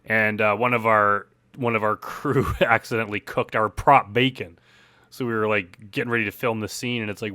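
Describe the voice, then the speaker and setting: A man talks casually through a commentary track on his own film, rambling and leaning on fillers. His low voice has a bright, forceful edge. The sound is close and dry. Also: normal speed, clear, resonant tone, dry recording. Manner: relaxed, rambling, heavy on "like" and "uh". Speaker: film director. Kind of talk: director commentary.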